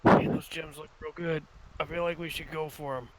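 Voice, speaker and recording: A man's voice: a little high, level tone, normal speed, noisy background, natural voice. A man voicing a scheming talking pickle, muttering out of the side of its mouth.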